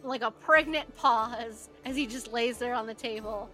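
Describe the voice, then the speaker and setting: A woman's voice: fairly high pitch, normal speed, pushed and bright, soft background music. A woman narrating as game master, chatty and loose, full of "like" and "uh".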